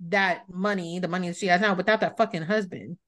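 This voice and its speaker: A woman hosting a casual podcast chat, blunt and profane, with lots of swearing and animated asides. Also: fairly low pitch, fast. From Italy. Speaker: podcast host.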